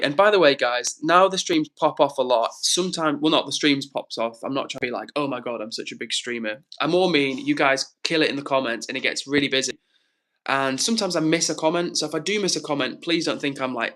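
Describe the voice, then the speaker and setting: A man's voice: mid-range voice, a bit bright. A man hosting his own live stream, chatting casually and reading out viewer comments in an upbeat way.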